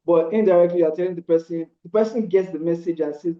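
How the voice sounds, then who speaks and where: A man's voice: sits high, brisk, hardly any pauses. A man giving earnest, casual relationship advice, padding his points with frequent "you know" fillers and restarts. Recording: roomy, dull lo-fi sound.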